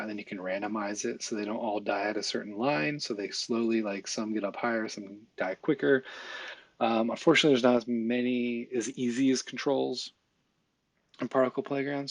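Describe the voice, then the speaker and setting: A man with a low, gravelly, slightly husky voice walks through a visual effects tutorial. He talks casually and thinks aloud, with fillers and quick asides as he clicks around. The sound is dry and close. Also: no room sound. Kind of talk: screen-recorded software tutorial.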